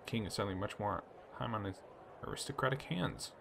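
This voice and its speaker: A man hosting a relaxed let's play, reading story text aloud and chatting about his choices. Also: lowish voice, fairly quick, creaky, noisy background. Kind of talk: casual gameplay commentary reading game text aloud.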